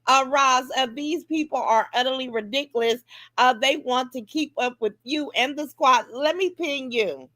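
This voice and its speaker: A woman hosts a casual livestream with a high, bright voice. She talks straight to her viewers, calling out names and mocking critics in a brash, animated way. Her voice is close and dry, with no room echo. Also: moderate pace. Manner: brash, animated, greets commenters and mocks detractors. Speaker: livestream host.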